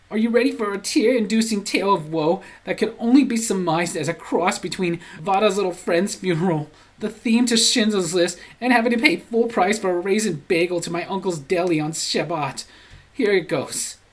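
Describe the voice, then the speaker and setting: A man reads out viewer comments and answers them with dry, deadpan humor. His pitch swings widely as he hams up the longer comments, then drops flat for the punchlines. It's casual, jokey channel chat. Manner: laughs at his own jokes.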